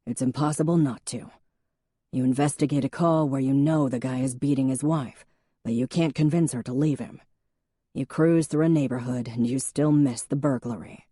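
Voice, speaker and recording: A woman narrator voicing a patient, dry-humored male police chief who speaks steadily and calmly. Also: medium pitch, normal speed, no echo, close to an everyday voice. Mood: steady. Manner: steady, calm, gently teasing.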